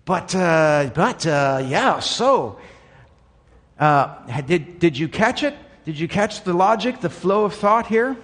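A man preaching a sermon in an earnest way, dropping to quiet asides and then rising to emphatic points. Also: high voice, lively intonation, takes it slowly, big-room sound. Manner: earnest, swings between quiet asides and emphatic raised lines. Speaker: pastor.

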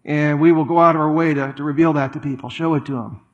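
Middle-aged male preacher, relaxed and conversational from the pulpit, voice a little higher than most. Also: dull audio. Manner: conversational preaching with asides and quick repetitions. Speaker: pastor. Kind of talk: sermon.

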